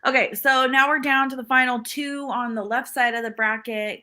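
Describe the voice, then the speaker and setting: Teasing, bright-voiced woman co-host. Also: high-pitched. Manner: teasing, brisk, runs a vote bracket. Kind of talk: casual chat.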